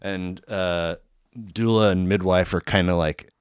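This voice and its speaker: A man's voice: low voice, fairly even intonation, a little slow, clean tone, no echo, clean studio sound. A man telling a long personal story in casual, profane podcast chat, full of fillers and restarts. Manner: profane, rambling, filler-heavy.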